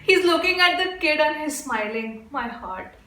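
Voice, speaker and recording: A young woman from India hosting a K-pop reaction video, gushing and excitable, repeating herself and bursting into squeals. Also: on the high side, unhurried, reverberant.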